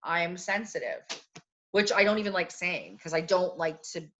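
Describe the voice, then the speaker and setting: A woman co-hosting a podcast, chatting casually and telling animated stories about her life. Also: fairly low pitch, a little fast, slight background noise. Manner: chatty, animated storytelling with acted quotes. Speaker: podcast co-host. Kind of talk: casual chat.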